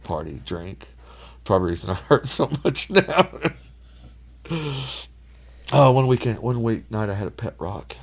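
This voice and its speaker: A man, a podcast guest telling rambling party stories in casual chat, laughing often and getting loud when he acts out other people. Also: fairly low pitch, very animated, a little slow, creaky, long pauses.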